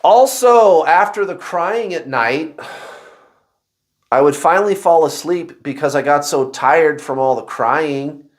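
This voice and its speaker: Slow-talking, animated man confiding to viewers. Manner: animated, exclamatory storytelling with sudden high outbursts. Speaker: spiritual video host. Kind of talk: casual confessional monologue to viewers.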